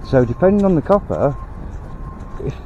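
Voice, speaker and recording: A man's voice: fairly high pitch, big pitch swings, moderate pace, highs cut off, slight background noise. Blunt man ranting outdoors. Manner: blunt, swearing, rambling. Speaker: vlogger. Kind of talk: casual rant while walking. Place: outdoors on a canal towpath.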